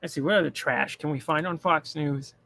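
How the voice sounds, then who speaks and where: A man's voice: a little high, fairly quick, creaky, pushed and bright. A man ranting bluntly and profanely in casual political commentary, mocking the people he talks about. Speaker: commentary streamer.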